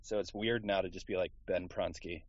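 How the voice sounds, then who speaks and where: A man's voice: on the low side, fairly even intonation, fast talker, dull audio. A man from Houston, Texas, a voice actor guest in a casual interview, talking in an easygoing, rambling way with plenty of fillers.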